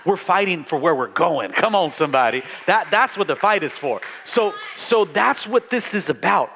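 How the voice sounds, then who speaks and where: A man's voice: sits high, lively intonation, moderate pace, bright, forceful tone, slight background noise. A middle-aged man, a pastor, preaching a fervent sermon in a church, calling out to the congregation and restarting his phrases. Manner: fervent, call-and-response preaching with many restarts.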